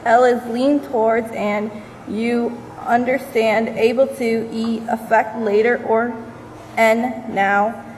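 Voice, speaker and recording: A woman at a church service explaining a word one letter at a time, in a measured way. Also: on the high side, steady tone, darkish tone, a little hiss or hum. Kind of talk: slow spelled-out acronym speech. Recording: distant mic, long hall reverb.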